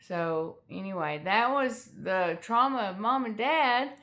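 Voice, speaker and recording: A middle-aged woman telling a personal family story in a candid, halting way with many fillers. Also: mid-range voice, lively intonation, a bit bright. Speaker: author sharing her life story.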